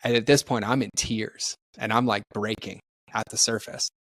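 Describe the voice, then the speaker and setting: A middle-aged man with a fairly low voice tells a candid story as a podcast guest, acting out the voices of others with lots of "like" fillers. The recording is dry and close, with no room sound. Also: moderate pace, no echo. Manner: animated, acts out quoted dialogue with many "like"s. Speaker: podcast guest, personal development trainer.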